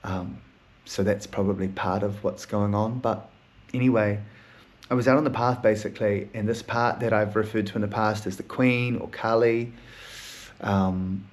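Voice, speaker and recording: A man's voice: lowish voice, steady tone, moderate pace. A man hosting a solo podcast, talking in a raw, emotional, rambling way and swearing often. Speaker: podcast host.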